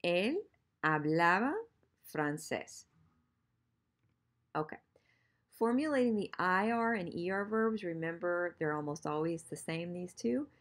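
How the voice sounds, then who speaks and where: A woman teaching Spanish grammar in an online lesson, patiently repeating examples and slowing down for practice sentences. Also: sits low, vocal fry.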